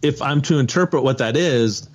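A man co-hosts a comedy podcast with wry, mocking commentary. His voice sits at an ordinary middle pitch, and he often stops and restarts mid-thought. He keeps the tone casual and offhand. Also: moderate pace, dull audio. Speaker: podcast co-host.

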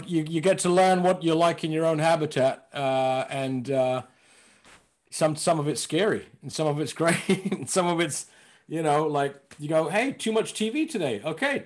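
High-pitched guy comedian rambling on a video call, jokey and loose. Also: a little mellow. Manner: playful, rambling, laughing often. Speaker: comedian guest. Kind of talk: casual comedic chat.

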